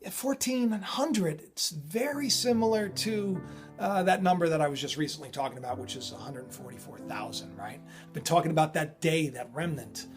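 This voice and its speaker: High-voiced rambling male vlogger. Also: normal speed, music in the background. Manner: excitable, digressive, self-interrupting. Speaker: channel host. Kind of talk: rambling spiritual commentary.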